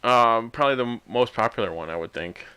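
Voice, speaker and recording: A man's voice: medium pitch, lively intonation, fast talker, bright, forceful tone, clear, resonant tone, no room sound. A man co-hosting a podcast, talking casually about a movie and reading out favorite quotes. He has a middle-range voice and fills his talk with ums and little laughs. The sound is close and dry. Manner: chatty, reads out quotes, frequent fillers and laughs. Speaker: podcast co-host. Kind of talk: casual movie review chat.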